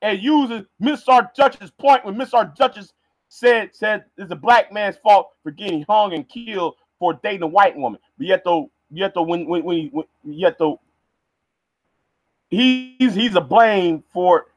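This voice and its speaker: A man's voice: high voice, a little slow, no echo. A man ranting on a livestream, heated and stammering, repeating words as he goes. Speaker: vlogger.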